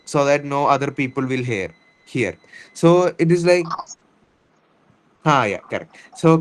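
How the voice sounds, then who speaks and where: With a mid-range voice and lively intonation, an Indian English–accented teacher reads a story during an online English lesson, recorded at low quality. He goes word by word, explaining slowly, repeating things and restarting as he goes.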